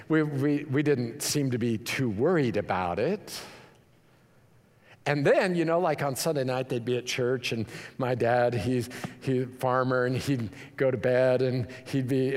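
A man from Colorado preaching a sermon, mixing casual storytelling with emphatic preaching. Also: fairly high pitch. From Colorado, USA. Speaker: pastor. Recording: long hall reverb.

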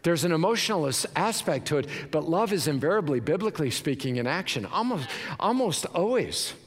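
A man's voice: fairly high pitch, sing-song, brisk. A male pastor preaching a sermon in a large church, emphatic and repeating words for stress. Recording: reverberant hall.

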